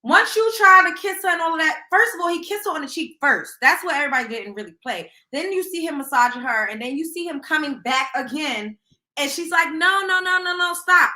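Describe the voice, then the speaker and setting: Young woman hosting a gossip stream, high bright voice, blunt and cussing, echoey room. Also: brisk. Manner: blunt, animated, swears freely, acts out quotes. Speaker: host of a celebrity gossip livestream. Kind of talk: casual opinionated commentary.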